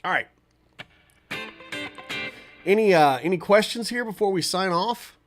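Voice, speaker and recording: A man's voice: high voice, expressive, measured pace, a bit bright, soft background music. A man hosting a casual livestream, stuffy from a cold, talking in a laid-back, rambling way and answering viewer chat. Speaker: livestream host and guitarist.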